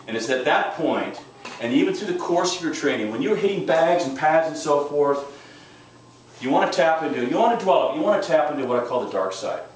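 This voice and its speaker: A man's voice: on the high side, lively intonation, a little fast. Male self-defense instructor, emphatic and direct, heard from a distance in a very echoey room. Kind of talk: teaching a class. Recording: echoey room, mic far off, faint noise.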